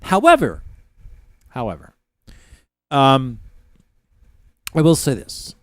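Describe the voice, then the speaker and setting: A man's voice: medium pitch, wildly swooping pitch, slow pace, no echo, studio quality. A middle-aged Canadian man with a Canadian accent, hosting a casual livestream and talking in a rambling, profane way with frequent laughter. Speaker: livestream host.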